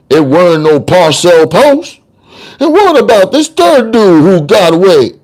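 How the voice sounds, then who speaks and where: A man's voice: fairly high pitch, exaggerated voice. A man voicing a street-smart male trial lawyer who argues in slangy, sing-song courtroom oratory. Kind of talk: dramatic audiobook reading.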